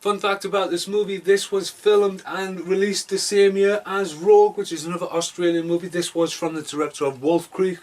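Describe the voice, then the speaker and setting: A man's voice: high voice, fairly even intonation, normal speed, few pauses, a little mellow. A man from Britain reviewing a movie casually, rambling and self-deprecating, with jokey asides and mumbled mutters.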